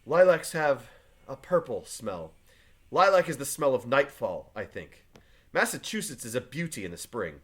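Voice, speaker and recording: A man's voice: mid-range voice, big pitch swings, moderate pace, a bit bright, husky. A man reading an earnest, stubborn farmer. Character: John Proctor, earnest stubborn farmer husband. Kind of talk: reading play aloud to a class.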